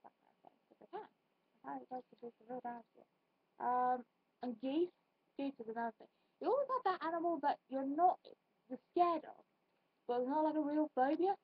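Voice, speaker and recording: Chatty young female vlogger, high voice, rambling delivery, dry close recording. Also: animated, fairly quick, long pauses, no echo, lo-fi sound. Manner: chatty, giggly, rambling with many fillers. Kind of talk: casual tag video chat.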